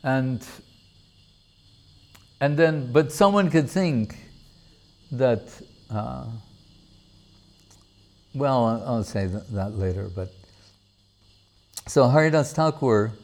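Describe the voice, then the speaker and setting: Slow, deliberate male storyteller. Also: mid-range voice, animated, darkish tone. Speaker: religious storyteller. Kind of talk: storytelling sermon.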